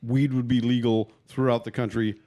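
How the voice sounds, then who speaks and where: A man's voice: mid-range voice, level tone, moderate pace, dark tone. A man co-hosting a podcast in casual chat, eager to jump in with his own story. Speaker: podcast co-host.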